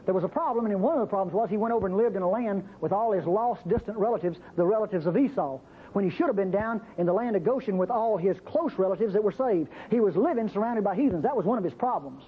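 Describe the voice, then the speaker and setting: Animated male preacher, muffled old tape. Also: fast talker, slightly rough. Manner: animated, acts out biblical speakers with pitch jumps. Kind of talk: sermon. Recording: muffled, faintly noisy old recording.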